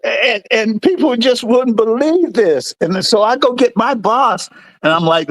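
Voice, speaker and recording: This dry recording features an American livestream host in middle age, speaking at a measured pace. He tells stories from his service days in a chatty, animated way, slipping into a higher voice whenever he quotes someone.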